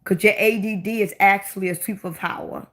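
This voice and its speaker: On her own casual livestream, a Baltimore-accented woman older than 25 talks a little fast in a medium, fairly bright voice with fairly even intonation. Blunt and long-winded, she tends to repeat questions to drive them home.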